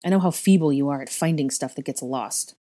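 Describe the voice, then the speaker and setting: A woman voicing a sneering teenage boy wizard who speaks in hard, clipped retorts, in a low, mellow voice. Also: fairly quick.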